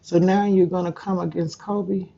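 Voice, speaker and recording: Woman YouTuber, dark husky tone, indignant ranting commentary, muffled lo-fi audio. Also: on the low side, flat delivery, normal speed. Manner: indignant, talks straight at her target. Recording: dull lo-fi sound.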